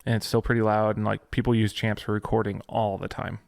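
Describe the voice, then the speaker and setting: A man's voice: fairly low pitch, flat delivery, fairly quick, vocal fry, a little mellow, no room sound, clean studio sound. A man co-hosting a podcast, chatting casually about gear news with lots of fillers and restarts. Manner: hesitant, many fillers and restarts. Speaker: podcast co-host.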